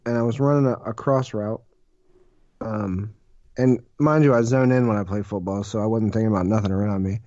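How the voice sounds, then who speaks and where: A man's voice: on the low side, dark tone, no room sound. A man co-hosting a podcast, telling a story casually and laughing as he goes. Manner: laughs through his story, plain talk. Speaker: podcast co-host. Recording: dry, dull lo-fi sound.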